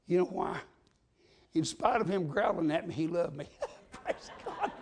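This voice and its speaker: A man preaching a sermon, telling folksy stories and rising into shouts. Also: on the high side, normal speed, slight background noise.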